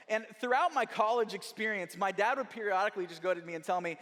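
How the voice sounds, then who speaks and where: A young man preaching in a church at a quick clip, with a high-pitched voice. He tells his story in a lively way, slipping into voices for the people in it, and his words ring with the long reverb of a big hall. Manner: animated storytelling with quoted voices. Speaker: guest speaker. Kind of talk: sermon.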